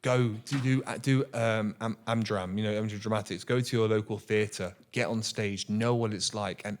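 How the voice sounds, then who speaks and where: Young male actor, lowish voice, earnest and animated, stumbles and repeats words as he talks. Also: moderate pace, a little hiss or hum. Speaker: actor guest. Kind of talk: casual interview chat.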